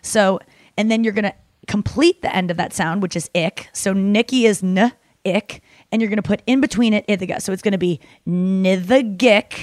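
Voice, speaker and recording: A young woman hosts a casual chat, rambling with plenty of fillers and swearing now and then. Her pitch sits in the middle of the range. The recording is close and dry, with no room sound. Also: brisk, a little mellow, no room sound. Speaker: podcast host.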